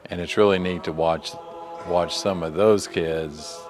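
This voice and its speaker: A man who directs a high school choir, talking reflectively and earnestly in a documentary interview. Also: fairly even intonation, a little slow, over music. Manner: reflective, earnest explaining with small restarts.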